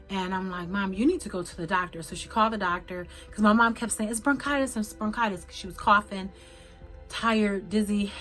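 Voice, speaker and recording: A middle-aged woman telling a personal story to her viewers, halting and emotional, with many fillers and restarts. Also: mid-range voice, a bit bright. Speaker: vlogger.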